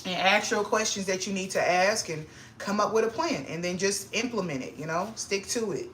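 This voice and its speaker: Bright-voiced young woman, excitable and slangy. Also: moderate pace, slight background noise. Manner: excitable, slangy, grows loud and high when hyped. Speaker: vlogger. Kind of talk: casual chat to camera.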